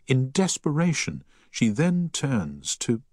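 An audiobook narrator with a mid-range voice reads a novel aloud in scripted narration that is expressive and measured. The recording is dry and of studio quality.

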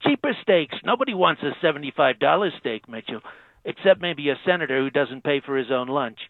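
A man's voice: fairly high pitch, lively intonation, a little fast, dry recording. A man doing an impression of a boastful male president, calling in by phone, bragging and repeating phrases for emphasis. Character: boastful brash male president, self-praising. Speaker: phone-in guest. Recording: tinny phone line.

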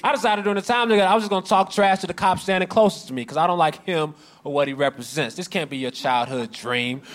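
A man's voice: high-pitched, fast. Sarcastic male stand-up comic. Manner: sarcastic, confrontational storytelling with shouted voices. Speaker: stand-up comedian. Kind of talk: stand-up storytelling.

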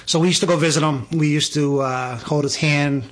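A middle-aged man telling a personal story in a casual conversation, earnest and emphatic, getting animated when he quotes people. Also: a little high, moderate pace.

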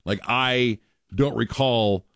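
A man's voice: mid-range voice, takes it slowly, vocal fry, a bit bright, dry recording, studio quality. A man co-hosting a radio show, chatting playfully and joking. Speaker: radio co-host. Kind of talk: casual chat.

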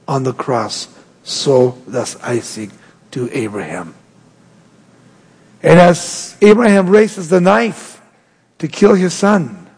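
Male pastor, high husky voice, dramatic sermon delivery, long reverb. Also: darkish tone. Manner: preaching with sweeping rises and drops in pitch.

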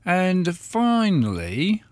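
A man's voice: high-pitched, wildly swooping pitch, very slow, no room sound. A man co-presenting community radio, jovial and playful in casual chat. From Australia.

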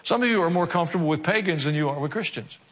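A man's voice: on the high side, expressive, rapid-fire, fairly bright tone, in a large hall. A man preaching a sermon, reading scripture aloud and breaking off into humorous asides and mock voices. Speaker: pastor.

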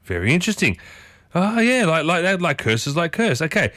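With a fairly high, sing-song voice at a moderate pace, this breakfast radio host sounds a bit bright, recorded dry with clean studio sound. He keeps things chatty and folksy, quizzing listeners with one question after another.

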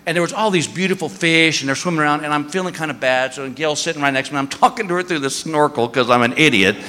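A man doing a stand-up comedy routine, telling a story with lively shouts and voices. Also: a little high, fast. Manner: animated storytelling, many put-on shouts. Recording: live club with long reverb and faint noise.

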